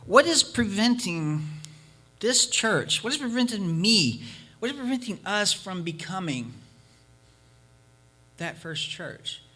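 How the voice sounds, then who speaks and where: Bright, emphatic male preacher. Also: high-pitched, sing-song, takes it slowly, long pauses, breathy edge. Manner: emphatic, repeating points for force. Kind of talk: sermon with storytelling.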